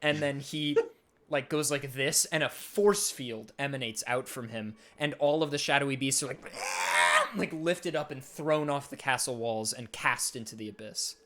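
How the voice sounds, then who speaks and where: A man's voice: medium pitch, moderate pace, sharp tone. A man narrating as game master of a tabletop game, telling the scene with vivid sound effects and light chuckles.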